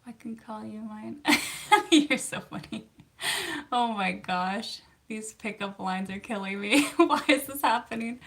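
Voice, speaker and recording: A woman's voice: medium pitch, vocal fry, a bit bright. A Canadian woman in her thirties, a therapist, chatting casually with viewers in a giggly, chatty way. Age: 30s. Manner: giggly and chatty, with frequent fillers. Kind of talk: casual live-stream chat answering viewer comments.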